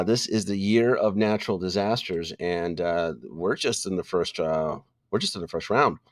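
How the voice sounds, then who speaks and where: Low-voiced man hosting a joking livestream. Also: no echo, studio quality. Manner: joking, loose, with laughs and many fillers. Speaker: livestream host greeting viewers. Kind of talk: casual live-stream chat.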